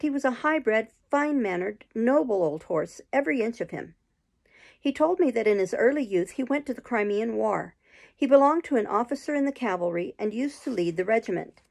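A woman reading a classic novel aloud in slow, measured storybook narration. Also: fairly high pitch, animated, creaky, a little mellow. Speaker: audiobook reader.

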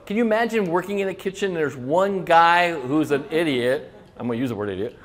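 A man's voice: fairly high pitch, a little fast, few pauses. A middle-aged man, a restaurant consultant, telling kitchen stories in a loose, swearing way and acting out the voices of cooks and chefs. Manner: storytelling, acts out kitchen voices, swears casually. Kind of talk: casual talk to an audience.

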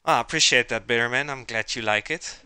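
A man's voice: mid-range voice, fast, pushed and bright, clear, resonant tone, no room sound. A man chatting casually to his live chat while he cooks, rambling as he goes. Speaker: streamer cooking live.

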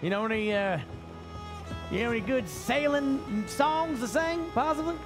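A man streaming a pirate game as ship captain, bossing and cheering on his crew in excitable, loud banter. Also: extremely high pitch, moderate pace. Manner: bossy, excitable, yells orders at crew. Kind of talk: excited casual gaming banter. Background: game music.

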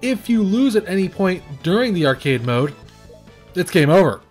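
Man, casual gameplay commentary, somewhat high voice, lively swinging pitch, rambling, hesitant fillers, faint music behind. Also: normal speed. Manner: nervous exclamations under pressure. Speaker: game reviewer.

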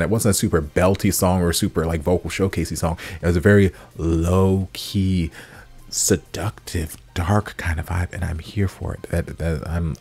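A man hosting a music reaction video, chatting casually and gushing with animated swings, sometimes whispering. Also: sits low, husky.

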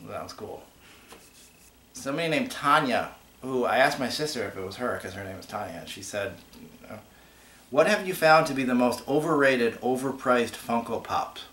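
An animated co-host with a medium-pitched, fairly bright voice talks fairly quickly on a casual online show. He chats, rambles through stories, and restarts himself while fielding viewer questions, with echo and faint hiss in the recording.

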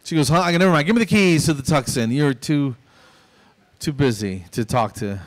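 A man's voice: a little high, moderate pace. A man in his fifties doing a stand-up comedy routine on a small club stage, telling stories and acting out both sides of each exchange.

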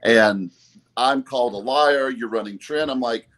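A man's voice: mid-range voice, a little slow, fairly bright tone. Emphatic man in casual podcast chat. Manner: emphatic, defensive about his routine.

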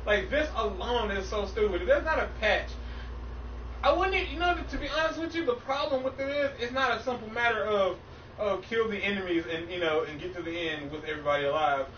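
High-voiced man, profane game-stream rant, distant echoey muffled audio. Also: brisk, slight background noise. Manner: profane, frustrated ranting. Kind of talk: ranting gameplay stream chat.

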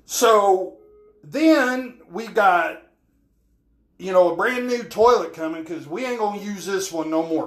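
Rambling high-voiced man, echoey bathroom. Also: fairly bright tone. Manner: folksy, rambling, keeps asking "all right?". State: soaked and frustrated. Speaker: home-repair vlogger. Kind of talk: rambling comedic vlog. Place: small bathroom.

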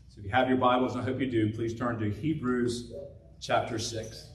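Man, pastor, sermon storytelling, measured expressive reading, mid-pitched voice, faint room hum. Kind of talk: sermon opening with a story read aloud. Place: church sanctuary. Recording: roomy church sound, mic at a distance.

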